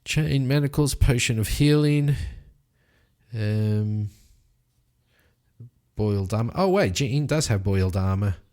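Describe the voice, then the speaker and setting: A man narrating his solo tabletop role-playing game, telling the fight with lively sound effects. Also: fairly low pitch, slow pace, long pauses. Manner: animated storytelling with sound effects.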